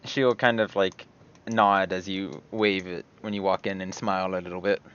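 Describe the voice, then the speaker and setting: Low-voiced man running a tabletop game. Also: little pitch movement, normal speed, a bit bright, smooth. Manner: casual, hesitant, many fillers. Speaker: game master. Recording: muffled lo-fi recording.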